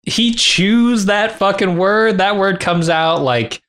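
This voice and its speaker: A man's voice: sits high, slow, a bit bright. A man co-hosting a casual film podcast, joking and swearing as he retells scenes. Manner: jokey, profane, tells comic anecdotes. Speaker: podcast co-host.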